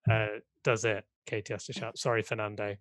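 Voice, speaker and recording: A man's voice: lowish voice, flat delivery, a little fast, fairly bright tone, no echo. A British man co-hosting a casual podcast, talking in a chatty, rambling way. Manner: chatty, rambling, self-deprecating. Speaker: podcast co-host. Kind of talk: casual chat.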